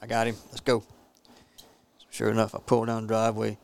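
Gravelly ex-cop telling stories. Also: male voice, lowish voice, fairly quick. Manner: profane, animated storyteller. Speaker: former police officer. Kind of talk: casual storytelling.

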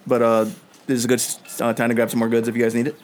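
A man's voice: medium pitch, completely flat delivery, very fast, a little mellow, a little hiss or hum. A man narrating as game master of a tabletop game, with many fillers and frequent laughs.

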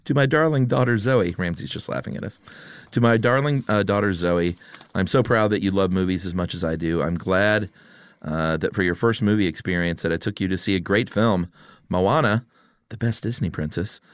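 A man's voice: low voice, normal speed, no room sound, studio quality. A man co-hosting a podcast, reading listener messages in a laid-back, amused casual chat. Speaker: podcast co-host.

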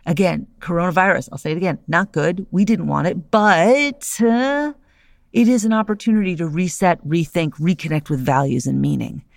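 Gravelly-voiced woman podcaster. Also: lowish voice, normal speed, no room sound, studio quality. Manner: animated, conversational, often asks "right?". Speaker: podcast host. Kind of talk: solo podcast monologue on philosophy.

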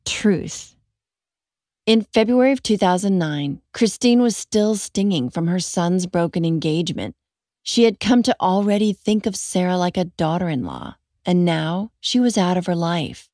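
A woman hosting a podcast, reading a scripted true-crime narration in a measured, serious way. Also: lowish voice, very animated, a little mellow, no echo, clean studio sound.

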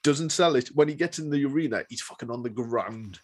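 A man chatting casually as a podcast co-host, animated and swearing, acting out what others said. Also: mid-range voice, fairly quick. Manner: animated storyteller, swears, acts out quotes. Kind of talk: casual wrestling chat.

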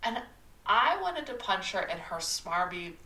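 A woman co-hosting a podcast, chatting casually about a movie, animated and swearing freely while she laughs. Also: mid-range voice, measured pace, recorded from a distance. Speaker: podcast co-host. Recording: roomy echo.

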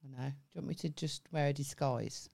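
A woman's voice: low voice, creaky, warm tone. A young woman with a Birmingham accent, co-hosting a podcast in brash, sweary casual chat. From England. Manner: brash, sweary, quick to laugh. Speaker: podcast co-host.

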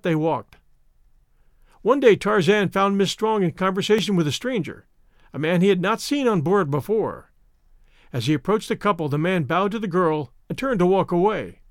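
A man narrating an adventure novel in an expressive, theatrical reading. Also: sits high, no echo, studio quality. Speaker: audiobook narrator. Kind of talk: scripted narration.

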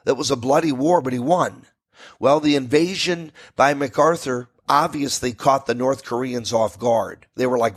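An American man hosts a radio talk show from a studio, telling history in a folksy, rambling style and speaking directly to listeners now and then. His husky voice sits at medium pitch and moves at a normal speed.

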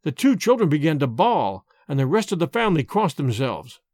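A man reading an old-fashioned tale aloud, expressive and measured. His voice sits fairly high and rises and falls widely, close and dry on the mic. Faint music plays underneath. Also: no room sound. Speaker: narrator. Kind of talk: audiobook narration.

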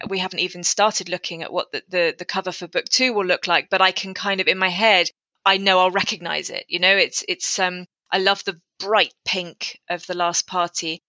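A woman's voice: medium pitch, bright, forceful tone, no echo, dull audio. A woman author talking through her writing in a casual interview, thoughtful and prone to restarts. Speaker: author guest. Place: lives in North Wales.

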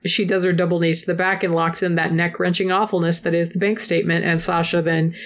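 A woman's voice: fairly low pitch, quick pace. Give me a sardonic, swearing woman hosting a casual recap podcast. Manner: profane, animated, sardonic. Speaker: podcast host.

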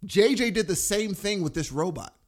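A man chatting casually about a film he just saw, rambling and enthusiastic. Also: moderate pace. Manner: animated, rambling and enthusiastic, with big pitch jumps. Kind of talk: casual movie chat.

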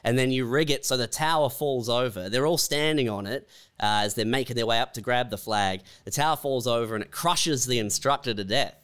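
A man trades dark, absurd jokes on a comedy podcast in a deadpan manner. His voice is smooth and clear, at an ordinary pitch. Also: a little fast. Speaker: podcast co-host. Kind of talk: casual comedic chat.

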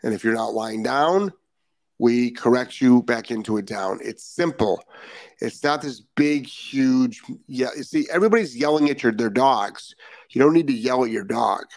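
Live-streaming from Florida, this dog-training show host talks in a blunt manner and hammers home his main points through repetition. He has a mid-range voice and a moderate pace, captured in a dry recording.

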